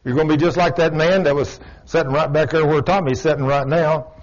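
Folksy preacher, slightly high voice. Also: male voice, fairly even intonation, fairly quick. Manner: folksy, emphatic, storytelling. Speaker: pastor. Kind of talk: sermon. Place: church. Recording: dull lo-fi church recording.

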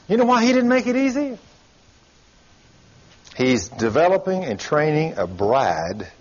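An older man, preaching a sermon in a folksy, emphatic storytelling way, his voice a little husky. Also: mid-range voice, muffled recording.

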